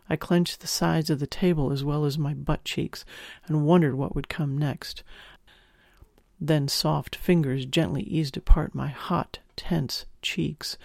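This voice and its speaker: A man reading a first-person audiobook in an intimate, expressive storytelling manner, close on the mic. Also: a little high, vocal fry, no echo. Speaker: audiobook narrator.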